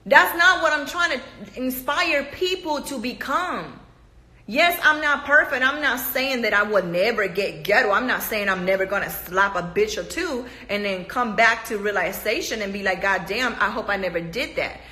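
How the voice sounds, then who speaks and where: A woman vents to camera, blunt, emphatic and full of profanity. Her voice is bright and forceful, and it rings around an echoey room. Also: on the high side, normal speed. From Panama. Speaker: reality TV cast member. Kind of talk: casual profane rant to camera.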